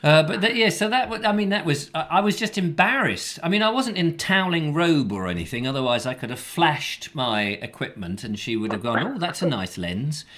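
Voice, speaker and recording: A man's voice: on the high side, animated, a little fast, few pauses, bright, forceful tone. A man hosting a comic live chat show, telling rambling anecdotes and laughing at his own stories. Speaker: host.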